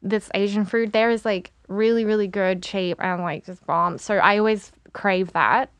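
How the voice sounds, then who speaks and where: A woman's voice: medium pitch, fairly even intonation, moderate pace, a bit bright, no echo. An Australian woman guest chatting casually, rambling with lots of fillers. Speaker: guest model. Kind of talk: casual chat.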